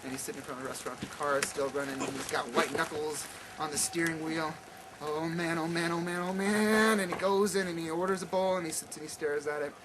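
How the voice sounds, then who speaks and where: A man telling a comic story at a campfire, animated with many stammering restarts. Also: on the high side, fast. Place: outdoor campfire at night. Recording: noisy outdoor camp recording.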